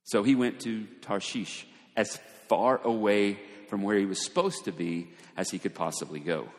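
A man preaching a sermon, shifting between quiet asides and raised, emphatic lines. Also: lowish voice, steady tone, normal speed. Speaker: pastor. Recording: long hall reverb.

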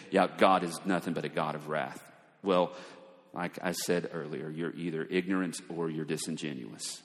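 A man preaching a sermon, shifting between quiet asides and raised, emphatic lines. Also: on the low side. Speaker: pastor. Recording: long hall reverb.

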